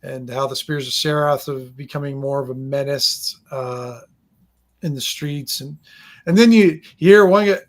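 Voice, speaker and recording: A man narrating a tabletop game as game master, rambling and halting with lots of fillers. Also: mid-range voice.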